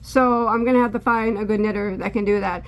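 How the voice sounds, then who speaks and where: A woman's voice: medium pitch, steady tone, a little fast. A middle-aged woman hosting a crochet channel, chatting casually from a cluttered room at home as she unboxes yarn, rambling and restarting her sentences.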